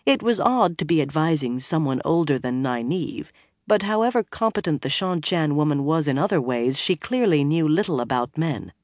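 A measured narrator reads a fantasy audiobook in a steady, even voice. The recording is close and dry, with no room sound around it. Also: mid-range voice, dry recording.

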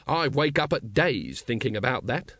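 A man voicing a gruff, weary middle-aged watchman in a storybook reading, grumbling in a low tone. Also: expressive, moderate pace, fairly bright tone, no echo, clean studio sound. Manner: gruff and grudging.

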